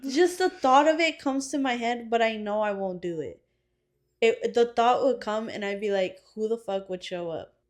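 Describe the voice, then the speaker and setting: A sassy young woman chatting on a sisters' podcast, blunt and quick to swear. Her voice sits fairly high and stays loose and conversational. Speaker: podcast co-host. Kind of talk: casual chat.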